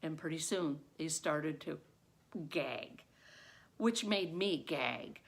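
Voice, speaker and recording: Slow, gravelly-voiced woman telling a story. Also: low voice. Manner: slow, vivid storytelling that swells into loud excitement. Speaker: storyteller, former teacher. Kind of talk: told personal story at a contest.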